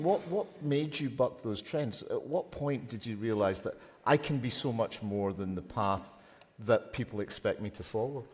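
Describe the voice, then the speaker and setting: A man hosting a live stage interview, asking playful, animated questions. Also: mid-range voice, normal speed, hardly any pauses, husky. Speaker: host. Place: festival hall stage. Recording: long hall reverb, festival stage.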